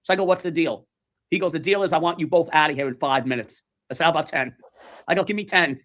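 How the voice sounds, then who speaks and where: Fast-talking man telling a story. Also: on the high side. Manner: animated, acts out quoted voices. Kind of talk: casual storytelling.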